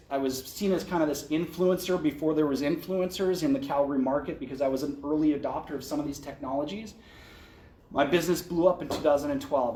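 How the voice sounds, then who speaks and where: A man's voice: on the high side, a little mellow, a little hiss or hum. A man speaking candidly to an audience at an event, telling his career story in a conversational way with restarts. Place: event venue, indoors. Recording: echoey event room.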